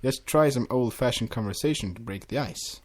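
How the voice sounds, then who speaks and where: A man's voice: medium pitch, moderate pace, lightly acted. A man reading aloud and voicing a playful grown female pony princess who teases with a sly manner. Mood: teasing. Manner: sly and teasing.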